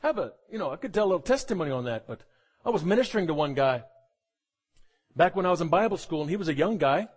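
A man preaching a sermon, animated and jokey, often acting out the voices of the people he quotes. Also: fairly high pitch, quick pace, slightly rough. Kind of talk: sermon with humorous asides.

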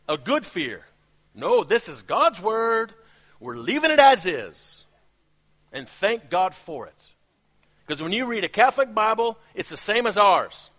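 High-voiced preacher guy w an accent, super lively, laughs at his own jokes. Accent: non-native English accent. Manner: animated preaching with laughs and asides. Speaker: pastor. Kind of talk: sermon.

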